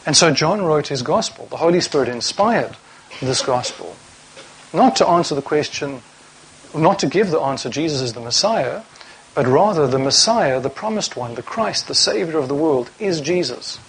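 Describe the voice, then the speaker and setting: A man's voice: a little high, expressive, normal speed, breathy edge, poor audio. A man preaching a sermon to a congregation, reading scripture aloud and asking rhetorical questions.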